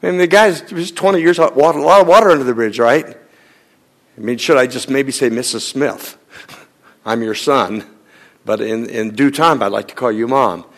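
A man, a pastor, telling a story in a sermon and acting out both sides of a conversation, sometimes dropping to a hushed near-whisper. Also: mid-range voice, normal speed. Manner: acts out both sides of a dialogue, drops to a hushed near-whisper in tender moments.

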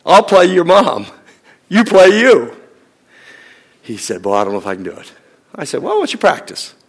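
A man, a pastor, telling a story in a sermon and acting out both sides of a conversation, sometimes dropping to a hushed near-whisper. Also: sits high, huge pitch swings, normal speed, breathy edge. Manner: acts out both sides of a dialogue, drops to a hushed near-whisper in tender moments.

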